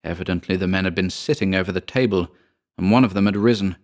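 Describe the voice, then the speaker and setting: A man narrating a ghost story in a measured, deliberate way, as an audiobook narrator. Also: sits low, darkish tone.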